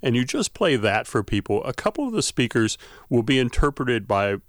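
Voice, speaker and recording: A male academic guest on a radio show, thoughtfully explaining with frequent pauses and fillers. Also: mid-range voice, very animated, dry recording, clean studio sound. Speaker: guest expert, folklore and language scholar.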